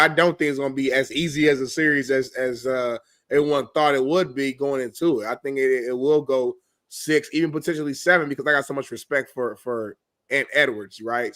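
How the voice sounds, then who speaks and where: A man co-hosting a sports talk show, laying out his picks in a measured, conversational way. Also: mid-range voice, fairly bright tone, no room sound, clean studio sound.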